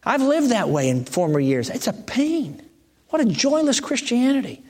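A man preaching a sermon in a conversational way, jumping to emphatic high peaks and then dropping to soft, hushed lines. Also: wildly swooping pitch, moderate pace. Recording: long reverb of a large hall.

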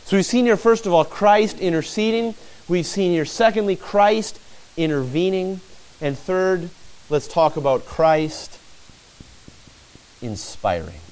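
High-voiced man preaching a dramatic sermon. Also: lively intonation, measured pace, darkish tone. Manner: dramatic retelling with rising and falling delivery.

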